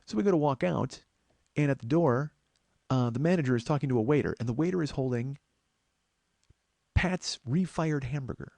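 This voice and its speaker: A man's voice: medium pitch, normal speed, creaky, long pauses, mellow, no echo. A middle-aged man, a comedian and podcast host, telling a story as an exasperated, swearing rant. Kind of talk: storytelling monologue.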